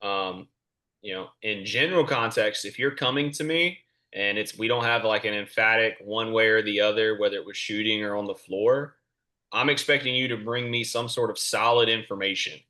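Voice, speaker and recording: Bright-voiced man, clear and measured. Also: fairly low pitch. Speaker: college basketball official, panelist. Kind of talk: explaining calls at a clinic.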